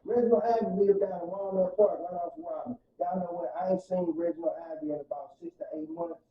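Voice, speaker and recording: Recorded with a muffled, roomy, distant sound in a podcast studio, this fervent St. man speaks a little fast in a high, steady voice. A guest on the show, he shares an emotional testimony conversationally, shifting from soft to loud like a preacher.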